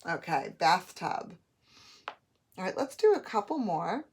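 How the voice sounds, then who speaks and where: A woman teacher giving a patient phonics lesson, modeling each word slowly and clearly. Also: lowish voice, big pitch swings, a little hiss or hum. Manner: slow, patient, drawn-out modeling of words.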